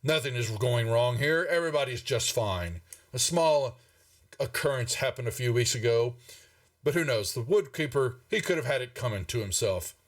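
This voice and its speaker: A man's voice: mid-range voice, animated, moderate pace, distant mic, natural voice. A man voicing a pompous, portly older male town master who blusters and brushes people off. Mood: dismissive. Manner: blustering, dismissive.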